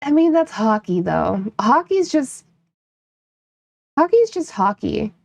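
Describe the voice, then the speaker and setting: A woman's voice: on the high side, big pitch swings, slow pace, creaky, darkish tone, no echo. A woman from upstate New York, chatting casually with her live-stream viewers, playful and laughing often while she teases chat.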